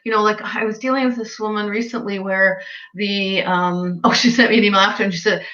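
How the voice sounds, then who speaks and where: A woman's voice: medium pitch, steady tone, fairly quick, sharp tone, highs cut off. A woman working as an animal communicator, chatting casually and acting out the voices of the people in her stories. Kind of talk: casual chat.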